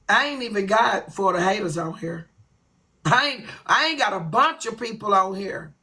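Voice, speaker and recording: A woman's voice: fairly high pitch, bright, forceful tone, poor audio. A woman hosting her own livestream, ranting bluntly and with lots of profanity. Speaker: livestream host. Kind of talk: ranting live stream.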